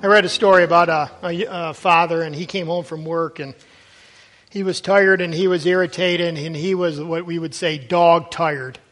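A man's voice: a little high, steady tone, normal speed, a bit bright. A middle-aged man preaching a sermon to fathers, earnest and exhorting, with frequent restarts. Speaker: pastor.

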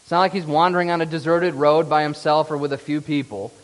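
A man's voice: fairly high pitch, fairly even intonation, fast talker, in a large hall. A man preaching a sermon in an earnest, emphatic way. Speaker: pastor.

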